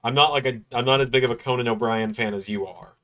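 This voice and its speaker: A man co-hosting a relaxed chat about wrestling in an ordinary mid-range voice. He mostly answers briefly and slips in dry joking asides. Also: medium pitch, quick pace. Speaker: co-host. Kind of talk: casual chat.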